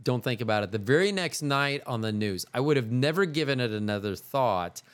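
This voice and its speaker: A male podcast host telling a story in a casual, animated way, with some swearing. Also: medium pitch, a little fast. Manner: animated, profane, laid-back.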